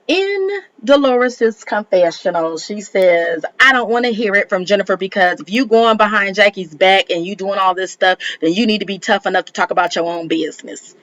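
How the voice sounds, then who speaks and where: A woman reviewing reality TV in a chatty, sassy recap, often jumping up high for exclamations. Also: lively intonation, moderate pace, fairly bright tone, no echo, highs cut off. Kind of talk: casual gossip recap commentary.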